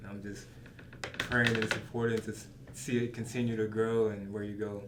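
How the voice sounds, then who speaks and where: A man hosting and editing a podcast, speaking calmly and encouragingly with many affirming hums. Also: on the low side, moderate pace. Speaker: podcast host and editor. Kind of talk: casual chat. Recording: echoey room, faint noise.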